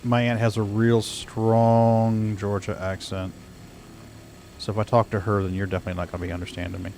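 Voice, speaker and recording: A man's voice: lowish voice, flat delivery, fairly quick, darkish tone, slight background noise. An American man chatting casually while playing a game, easygoing and rambling. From United States. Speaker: streamer. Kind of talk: casual gaming chat.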